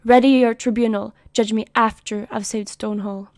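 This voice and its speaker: A proud female commander answers with curt, defiant orders, read aloud by a woman. Her voice is raised and gravelly, with a warm, dry closeness. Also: a little high, fairly even intonation, moderate pace, no room sound, lightly acted.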